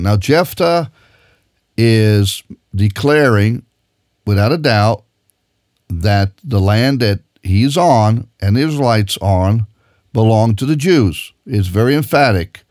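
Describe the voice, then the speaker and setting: A man's voice: fairly low pitch, animated, takes it slowly, darkish tone, no echo, clean studio sound. A man preaching a sermon with emphatic, insistent delivery, reading scripture aloud and explaining it.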